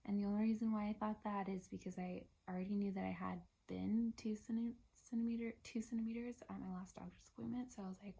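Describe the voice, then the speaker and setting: A young woman telling a personal story in a relaxed, chatty way. Her voice is gravelly with a husky, breathy edge, and she often sinks into a soft half-whisper. Her pitch sits at an ordinary middle level. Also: brisk. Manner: chatty, drops to a hushed, partly whispered voice. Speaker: vlogger. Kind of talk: casual storytelling.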